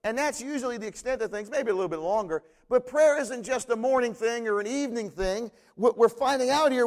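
A man's voice: very high-pitched, fairly quick, hardly any pauses, a little mellow. A man preaching a sermon as pastor, conversational, with joking asides and emphatic repetition.

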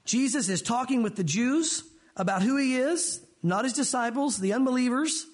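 High-voiced male preacher. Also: normal speed. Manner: expository preaching, reads scripture aloud and acts out quotes with shifting voices; conversational asides to the congregation. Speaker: pastor. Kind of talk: sermon.

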